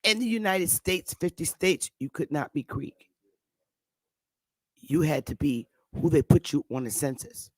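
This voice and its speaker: A woman with a Northern US accent giving blunt, animated, casual commentary as host, swearing freely. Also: low-pitched, measured pace, dry recording. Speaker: channel host.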